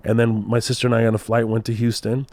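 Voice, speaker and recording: A man in his thirties with a Texan accent, a comedian guest telling stories in casual podcast chat, animated and quick to laugh, slipping into accents. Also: medium pitch, no room sound. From Kuwait. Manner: animated storyteller, laughs often, slips into accents.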